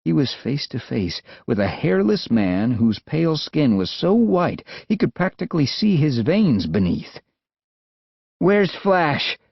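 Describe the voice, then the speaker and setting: A man with an American accent narrating an adventure audiobook in a lively, expressive way. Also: mid-range voice, unhurried, gravelly, few pauses, husky, dry recording. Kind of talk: scripted narration. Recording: dull, dry studio sound.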